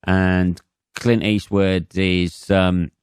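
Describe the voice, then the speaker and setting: A man's voice: deep voice, level tone, drawn-out words, clear, resonant tone, no room sound, studio quality. A man in his forties with an English accent, a comedian hosting his own podcast in a rambling, profane monologue full of fillers and restarts.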